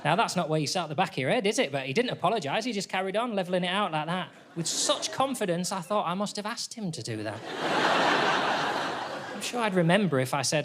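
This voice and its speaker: A man's voice: high-pitched, fast, a loud crowd. A man, doing a dry, self-deprecating stand-up routine on stage. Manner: deadpan, self-deprecating, wry. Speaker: stand-up comedian. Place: theatre stage with audience laughter.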